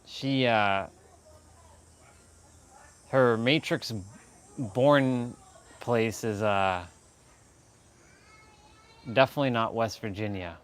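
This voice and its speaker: A man's voice: medium pitch, very slow, pauses often, smooth. A man hosting a casual live stream, rambling and correcting himself as he goes. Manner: rambling, self-correcting, laughs a lot.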